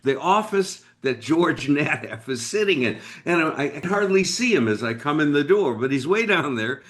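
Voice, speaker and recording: A man from Boston, a podcast guest and business leader, telling a story in an animated, emphatic way, with dramatic pauses and asides to the listener. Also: fairly high pitch. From Boston, United States.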